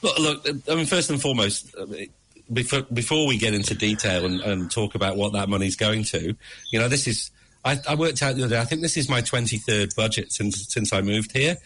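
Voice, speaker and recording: A man, a regular radio guest who runs a mental health organisation, talking in an animated, upbeat way with frequent restarts. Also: fairly low pitch, fairly quick, a little hiss or hum. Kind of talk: radio interview.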